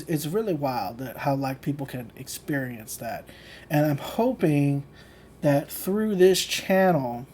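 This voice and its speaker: A channel host who teaches manifestation gives a casual livestream rant in a warm, mid-range voice. He is blunt and profane, loose and conversational, with plenty of fillers, and laughs between points.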